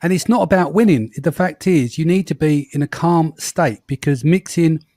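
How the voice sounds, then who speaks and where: A man's voice: on the high side, moderate pace, warm tone, no echo, clean studio sound. A man hosting an interview, blunt and swearing, often asking for agreement. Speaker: podcast host. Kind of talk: casual interview talk.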